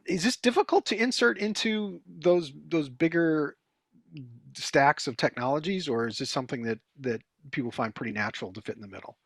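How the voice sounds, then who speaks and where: A man's voice: mid-range voice, a bit bright, no room sound, clean studio sound. Chatty male tech interview host. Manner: conversational, with frequent fillers and restarts.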